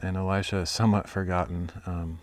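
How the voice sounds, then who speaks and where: A young hiker sits outside at sunset thinking out loud about scripture, stumbling through fillers and restarts, and then reads a Bible chapter aloud. He speaks fairly quickly in a low, flat voice, and there's no echo.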